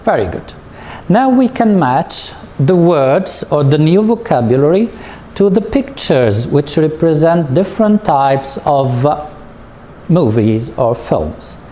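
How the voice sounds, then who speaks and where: A man's voice: on the high side, very animated, warm tone, slight background noise. A man teaching an English lesson to students, speaking patiently and asking them questions. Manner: patient, drawn-out, leads with questions. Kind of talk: slow recorded classroom lesson.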